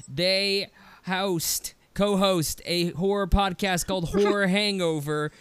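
A man hosting a casual podcast interview, excitable and swearing freely, sometimes shouting like a hype man. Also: high voice, smooth, no room sound. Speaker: podcast host.

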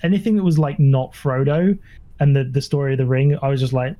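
A man's voice: mid-range voice, fast, dark tone. A man in casual conversation, self-deprecating, laughing often and restarting sentences. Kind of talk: casual chat.

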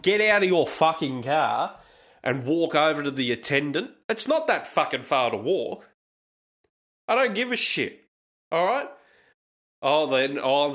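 Australian man, podcast host, sweary, sarcastic, rambling, slow, lively pitch. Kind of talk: comedic podcast rant.

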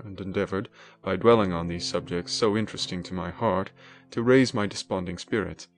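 A low-voiced man gives a dramatic, emotive first-person reading of a classic novel. Faint music sits under his narration. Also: fairly even intonation, normal speed. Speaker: audiobook narrator.

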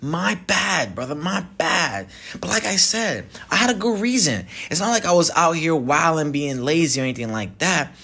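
A man hosts his podcast alone, talking straight to his listeners. His voice sits at a middle pitch, and he speaks in a loose, chatty way, restarting phrases as he goes. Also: fairly bright tone, husky. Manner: chatty, apologetic, conversational with filler restarts. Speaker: podcast host. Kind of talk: casual solo podcast talk. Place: Mexico.

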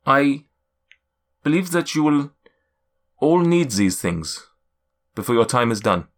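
A man voicing a kindly, worried male cloud giant in a put-on German accent, speaking slowly in drawn-out, solemn pronouncements. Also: medium pitch, very animated. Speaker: game master.

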